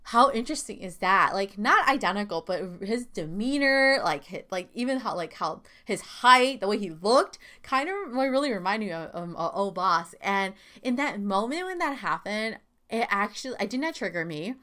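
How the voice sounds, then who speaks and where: A woman's voice: mid-range voice, lively intonation, moderate pace, pushed and bright. A woman hosting a self-help podcast, talking candidly and casually with lots of fillers and asides. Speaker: podcast host.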